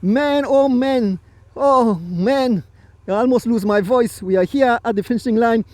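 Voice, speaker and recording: A man with a Belizean accent giving excitable live commentary on a cycling race outdoors by the roadside, repeating riders' names in breathless bursts. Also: extremely high pitch, unhurried, no echo. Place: outdoors at a roadside finish line.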